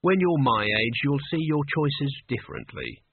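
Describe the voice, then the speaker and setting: A man's voice: mid-range voice, lively intonation, a little slow, gravelly, breathy edge, no echo, heavily acted. A man voicing a weary, resigned old male servant in an audiobook. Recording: tinny phone-like sound.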